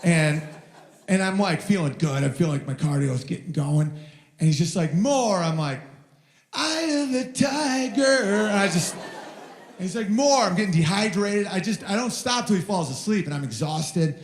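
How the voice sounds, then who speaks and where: A male stand-up comedian on a handheld mic, rambling through stories and jumping into high shouted voices for his kid. His voice sits a little higher than most men's. The live venue gives it a roomy, echoing sound. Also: brisk.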